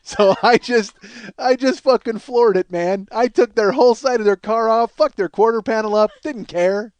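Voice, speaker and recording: Very high-voiced man ranting comically. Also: moderate pace, smooth. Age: 40s. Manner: profane, rambling, self-mocking, laughing at himself. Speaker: podcast host. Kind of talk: comedic storytelling monologue.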